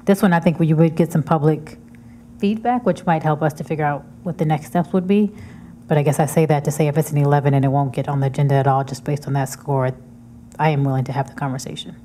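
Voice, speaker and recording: Mellow, low-voiced woman in a meeting. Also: fairly even intonation, fast, a little hiss or hum. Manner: conversational, asks questions. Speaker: committee member. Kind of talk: committee meeting discussion.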